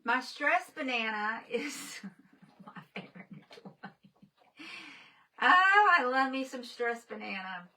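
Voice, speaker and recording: A woman's voice: fairly high pitch, sing-song, slow pace, long pauses, sharp tone, far from the mic, poor audio. A woman painting on a live stream, chatting casually with viewers and laughing often.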